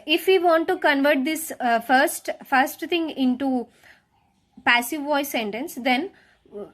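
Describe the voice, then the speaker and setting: A woman with a notably high voice takes a class through a grammar lesson one step at a time. She keeps putting rhetorical questions to her pupils and repeating key words. Her sentences often stop and restart as she works through each example. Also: a bit bright. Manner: frequent hesitant restarts. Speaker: schoolteacher.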